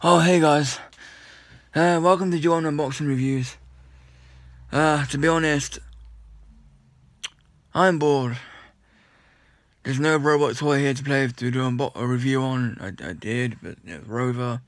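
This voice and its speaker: A man's voice: mid-range voice, measured pace, long pauses, no echo. Annoyed young man ranting, dry sound. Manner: annoyed, rambling, blunt ranting with restarts. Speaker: vlogger. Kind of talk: ranting vlog.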